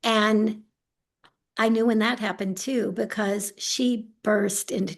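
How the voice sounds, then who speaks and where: A middle-aged woman being interviewed, telling a story in a relaxed, animated way, acting out what people said and laughing often. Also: medium pitch, slow, creaky. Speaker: autism integration specialist, interview guest.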